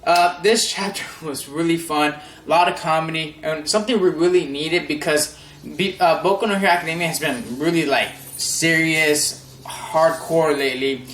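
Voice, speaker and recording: A young manga review vlogger chats loosely about a comic chapter at a moderate pace, his voice sitting a little high. Excited and rambling, he laughs often and fills his talk with fillers and restarts. The room rings with echo, and there's slight background noise.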